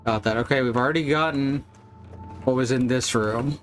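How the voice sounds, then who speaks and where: A man's voice: medium pitch, moderate pace, noisy background. A man streaming a horror game, giving casual commentary with wry, joking asides. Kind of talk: let's-play commentary.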